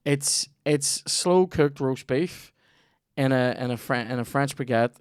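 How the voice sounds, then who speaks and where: A man's voice: medium pitch, a little slow, clean tone, dry recording, clean studio sound. A man with a Northern Irish accent hosting a comedy podcast, rambling through a sweary, jokey ad read.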